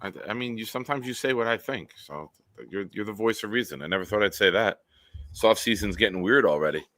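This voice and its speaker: A man's voice: lowish voice, quick pace, sharp tone, no room sound, studio quality. A man hosting a casual sports talk livestream, joking and rambling and hyping up his chat. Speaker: host.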